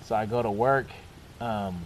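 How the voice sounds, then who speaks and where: A young man casually telling a long personal story, animated and often laughing as he goes. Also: lowish voice, measured pace, a little hiss or hum. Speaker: storyteller guest.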